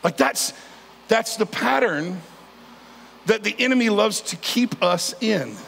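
A man's voice: sits high, expressive, takes it slowly, gravelly, a bit bright, slight background noise. A man, preaching a sermon in a conversational, joking style with frequent calls to the congregation. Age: 50s. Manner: conversational preaching with humor and crowd prompts. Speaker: pastor. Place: large church sanctuary. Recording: long hall reverb.

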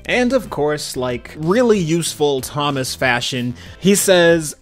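A man's voice: on the high side, animated, measured pace, few pauses, faint music behind. A young man giving casual, slangy commentary on a cartoon episode, laughing often. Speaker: video commentator.

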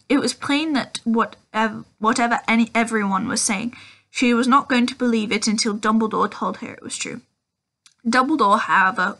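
A woman's voice: a little high, fairly bright tone. A woman reading a children's fantasy book aloud, stumbling and restarting now and then. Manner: casual reading with slips and restarts. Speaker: audiobook reader.

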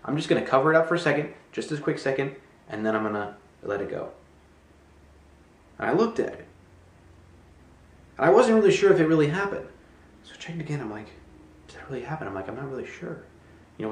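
A man telling a casual, rambling story as he shows a money magic trick, acting out his own thoughts. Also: mid-range voice. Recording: echoey room.

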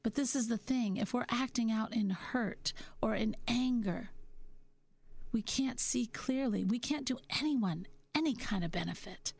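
A middle-aged woman hosting a reflective self-help talk, musing gently and slowing down on her key points. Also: fairly high pitch, gravelly, husky. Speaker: podcast host.

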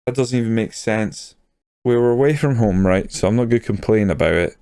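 Speaking briskly in a lowish, clean-toned voice, a young gaming YouTuber casually narrates his football management game from a clean studio without echo. Goals get him worked up, and he swears when they go in.

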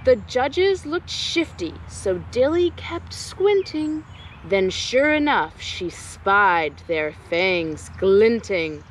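A young adult woman, a nature educator, reading a rhyming picture book aloud to children at a slow pace. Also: mid-range voice, very animated, a little hiss or hum, low-quality recording.

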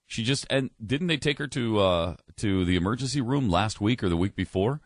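A man co-hosts a radio talk show, chiming in with short asides and pointed questions. His voice sits a little low. The studio sound is close and dry. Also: animated, normal speed, no echo. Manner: brief interjections and questions. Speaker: radio co-host.

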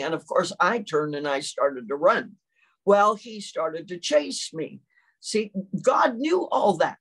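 An older woman, preaching a sermon and telling a personal story with lots of acted-out quotes. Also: mid-range voice.

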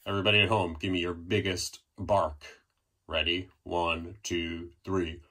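A man's voice: sits low, little pitch movement, a little slow, sharp tone. A man hosting a children's storytime, reading aloud playfully with sound effects and prompts for the audience at home. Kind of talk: read-aloud storytime for kids.

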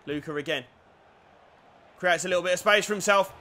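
Young man, gaming commentary, high bright voice, faint room noise. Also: fairly quick. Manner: swings from muttered play-by-play to shouted cheering. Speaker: gaming YouTuber. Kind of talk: excited live commentary over a football video game.

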